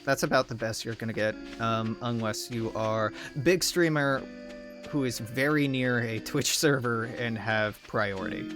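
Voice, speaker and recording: A man's voice: mid-range voice, a little slow. A man casually streaming a game from his desk at home, rambling off topic with plenty of swearing. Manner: rambling, digressive and profane. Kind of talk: casual rambling gameplay commentary. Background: faint game music.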